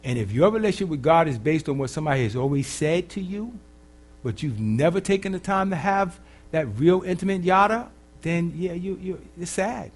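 A man preaching as a pastor, swinging from loud emphatic lines to quiet, casual, humorous asides. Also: on the high side, animated, fairly quick. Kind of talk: sermon.

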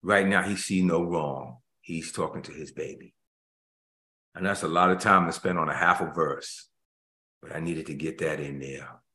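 An older man, a pastor, preaching an emotional sermon that swings between hushed tones and loud emphasis. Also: rumbling low, steady tone, normal speed. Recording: echoey room.

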